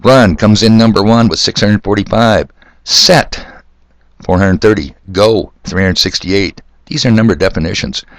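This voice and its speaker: A man's voice: on the low side, moderate pace, few pauses, no room sound. An older man hosting a solo podcast, talking in a sardonic, ranting way. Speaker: podcast host. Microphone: corded mic.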